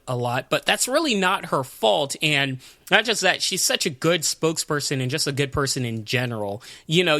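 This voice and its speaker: A man's voice: on the high side, pushed and bright, dry recording, clean studio sound. A man co-hosting a casual podcast, laid-back and chatty, with frequent ums. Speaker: podcast co-host.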